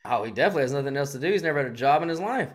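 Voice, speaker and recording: A man's voice: medium pitch, expressive, very fast. A man co-hosting a podcast, riffing sarcastically in crude casual banter. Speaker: podcast co-host.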